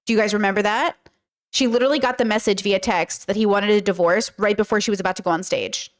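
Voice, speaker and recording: A woman's voice: medium pitch, fairly even intonation, fast talker. A woman hosting a casual commentary, talking in an emphatic, sarcastic way. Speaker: commentary host.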